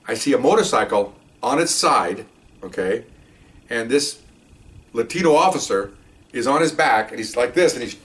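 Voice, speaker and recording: A man's voice: medium pitch, a bit bright, recorded from a distance. An older man, a retired police officer, telling a patrol story in a casual, rambling way full of asides and "okay?" check-ins.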